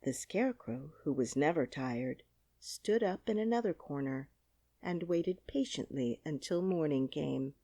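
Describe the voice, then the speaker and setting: A woman narrating a classic children's audiobook with an expressive storytelling reading, on a close studio mic. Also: deep voice, measured pace, dry recording.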